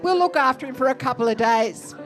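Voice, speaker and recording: A woman's voice: sits high, lively intonation, fairly quick, over music. A breezy, blunt Australian army doctor, as a woman storyteller puts him on, cheerful and unfussed. The voice stays close to her own.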